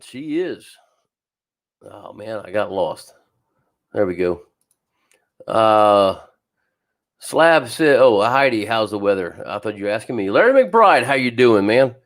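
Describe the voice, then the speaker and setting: A man's voice: on the low side, sing-song, takes it slowly, long pauses, a bit bright. A man hosting a live fishing show, chatting casually, greeting viewers by name and laughing often, with an occasional wheeze. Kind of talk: casual live-stream chat. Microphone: streaming setup, talking to camera.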